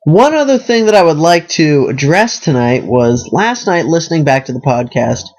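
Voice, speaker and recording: Rambling young man, slightly high voice. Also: lively intonation, moderate pace, darkish tone. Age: young adult. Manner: rambling, self-deprecating, fills with "you know" and "like". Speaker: podcast host. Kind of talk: casual monologue.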